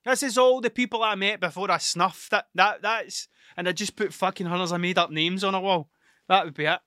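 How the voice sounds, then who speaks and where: A man's voice: high-pitched, fairly even intonation, brisk, bright, forceful tone, dry recording, clean studio sound. A young Scottish man talking in a sweary, rambling monologue, often cutting himself off and restarting, as the host of his own show. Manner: sweary, rambling, self-interrupting. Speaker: podcast host.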